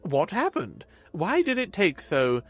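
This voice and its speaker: A man voicing an anxious, officious male alien envoy who speaks in a high, strained voice. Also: wildly swooping pitch, unhurried, exaggerated voice. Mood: relieved.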